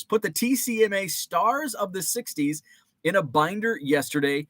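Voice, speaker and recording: A man's voice: high voice, expressive, normal speed, fairly bright tone, no echo, studio quality. A man hosting a casual livestream, rambling between topics and reading viewer comments aloud. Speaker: host.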